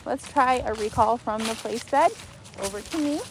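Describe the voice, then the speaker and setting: A woman dog trainer calmly explaining an outdoor training demonstration. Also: moderate pace. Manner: calm explaining, then sharp high commands. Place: outdoors in a grassy field. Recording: loud outdoor noise.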